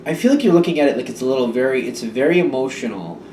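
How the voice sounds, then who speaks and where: A man rambles through a casual tarot reading, hesitant and full of fillers and restarts. His voice sits at a middling pitch and sounds set back from the mic in an echoey room, with a faint hiss behind it. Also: expressive, fast, darkish tone, recorded from a distance. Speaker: tarot reader.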